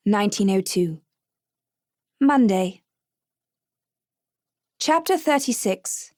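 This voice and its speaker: A woman reading an audiobook aloud in clear, even scripted narration. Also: a little high, dry recording, clean studio sound.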